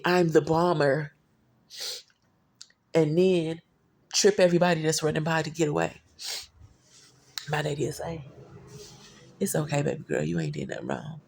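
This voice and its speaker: A woman's voice: sits low, a little mellow. A woman talking casually into her phone camera, telling personal stories in a rambling, candid, profane way, full of slang. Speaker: vlogger.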